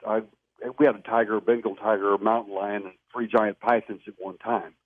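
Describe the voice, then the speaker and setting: A man's voice: fairly low pitch, little pitch movement, fairly quick, no room sound. A man being interviewed, telling his stories in an earnest, emphatic way. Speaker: interview guest. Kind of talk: phone-in interview storytelling. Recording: tinny phone line, dry.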